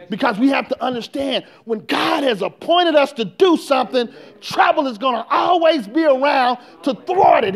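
A man. He works in call-and-response, swinging from quiet talk to full shouts. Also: extremely high pitch, animated, moderate pace, few pauses. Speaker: pastor. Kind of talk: sermon.

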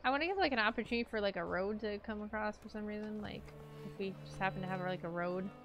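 A woman's voice: mid-range voice, quick pace, a bit bright. A young woman streaming a game, chatting playfully with her viewers and herself as she plays. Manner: chatty, playful, talks to herself and chat while playing. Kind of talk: casual game-stream chat. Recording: faint music behind.

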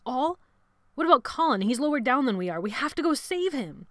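A woman's voice: high-pitched, sing-song, a little fast, fairly bright tone, dry recording, studio quality, voice pushed up. A woman voicing a brave, desperate teenage boy pleading urgently with his friends.

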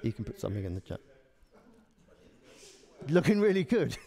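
A playful man talks in a loose, jokey way, tossing asides at the crew. His voice sits a little higher than most men's. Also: big pitch swings, normal speed, dark tone. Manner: playful, chatty, teasing. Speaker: green screen performer. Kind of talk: jokey live demonstration.

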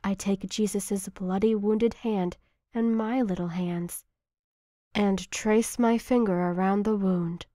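A woman reading a first-person devotional meditation in a hushed, tearful, emotional way. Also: mid-range voice, fairly even intonation, slow, no room sound, clean studio sound. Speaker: narrator.

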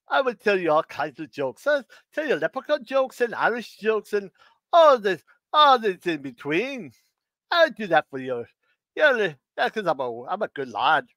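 A middle-aged man hosting a live stream, telling dad jokes in a slow, halting way and chuckling at his own punchlines. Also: high voice, sharp tone, no echo. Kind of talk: casual live-stream chat.

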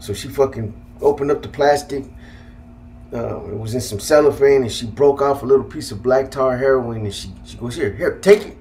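A man's voice: medium pitch, a little mellow. A man recounting his own past in loose, everyday talk with a mid-range voice. He swears freely, drops in fillers and restarts sentences as he goes. Faint background noise sits under his voice. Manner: profane, halting, with many fillers and restarts. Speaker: guest telling his life story. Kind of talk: casual personal storytelling.

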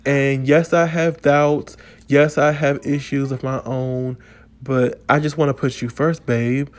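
A man doing a calm, reassuring young husband. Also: medium pitch, unhurried, natural voice. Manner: soothing, reassuring.

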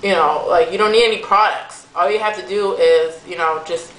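A woman's voice: lowish voice, fairly even intonation, normal speed, reverberant, poor audio. A young woman venting to camera in a casual vlog, chatty and exasperated, with lots of fillers. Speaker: vlogger. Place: room at home.

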